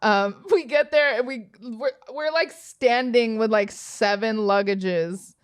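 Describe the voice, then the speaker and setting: Young woman from Los Angeles, smooth voice. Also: a little high, takes it slowly, no room sound, clean studio sound. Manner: profane, laughing, loose storytelling. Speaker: podcast guest, rapper. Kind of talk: casual storytelling chat.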